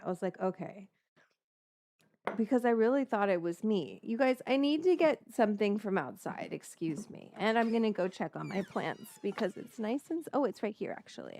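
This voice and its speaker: A woman hosts a casual cooking vlog, talking to viewers as she works. She rambles from one story to the next, breaking off and restarting her sentences. Her pitch sits in the middle of the range. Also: moderate pace. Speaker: cooking show host.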